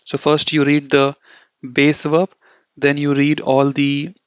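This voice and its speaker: A man's voice: a little high, completely flat delivery, slow, smooth, dry recording. A man teaching German grammar in a loose, repetitive way, often checking in with "okay" and correcting himself as he goes. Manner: loose, repetitive, says "okay" and "you know" a lot; corrects himself mid-sentence. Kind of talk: explaining grammar to learners. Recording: dull, dry lo-fi audio.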